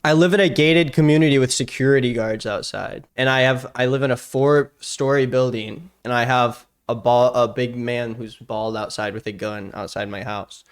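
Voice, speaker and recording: A man's voice: mid-range voice, clean tone. A young man reacting to a video on a live stream, talking casually and sounding exasperated. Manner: exasperated, casual, laughs often.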